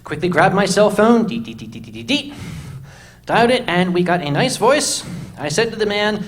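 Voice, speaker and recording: A man telling a comic story to a live audience in an animated, exasperated and emphatic way. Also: high-pitched, moderate pace.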